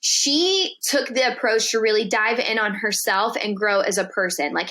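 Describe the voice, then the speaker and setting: Bright-voiced woman telling a dramatic story. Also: medium pitch, normal speed, few pauses. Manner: animated, profane, acts out quotes in dialogue. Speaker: podcast guest. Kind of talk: storytelling in casual chat.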